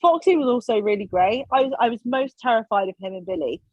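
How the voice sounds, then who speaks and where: A woman's voice: on the high side, fast talker, no echo. A woman, a podcast guest, telling stories in casual chat and acting out what others said. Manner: animated, acts out quoted lines. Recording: slightly dull, dry sound.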